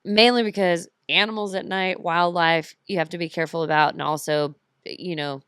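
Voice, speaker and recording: A woman from the United States shares her travel stories on a podcast in a casual, animated way, laughing often as she goes. Her voice sits a little low, and the sound is close and dry. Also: moderate pace, smooth, no room sound. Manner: lively storyteller, laughs often. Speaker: podcast guest. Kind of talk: casual chat.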